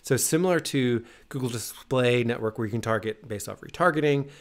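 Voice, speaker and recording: Upbeat, energetic male podcast host. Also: medium pitch, a little fast. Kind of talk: casual podcast chat.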